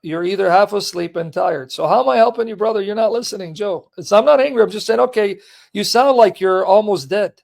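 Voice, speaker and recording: A man hosting a live stream, lecturing a caller in a heated, forceful way. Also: high-pitched, fairly quick, creaky. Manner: forceful, lecturing, berating chat commenters. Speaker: livestream host. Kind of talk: heated live teaching and chat.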